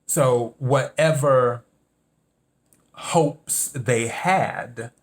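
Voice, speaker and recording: A man delivering a solo commentary monologue as podcast host, in a voice of ordinary middle pitch. He talks emphatically and comes back to the same points again and again. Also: very slow. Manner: emphatic, repeats key points.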